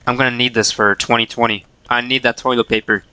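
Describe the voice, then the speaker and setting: A man's voice: mid-range voice, little pitch movement, fast, sharp tone, clear, resonant tone, no room sound, poor audio. A man casually commenting on his own gameplay on a livestream, joking and talking back to the characters. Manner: playful, jokey, talks to the characters. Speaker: streamer.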